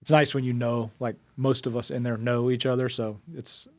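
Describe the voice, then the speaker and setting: Male guest, even monotone delivery, dry close recording, laid-back. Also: medium pitch, normal speed, no room sound. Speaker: poker player guest. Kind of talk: casual interview chat.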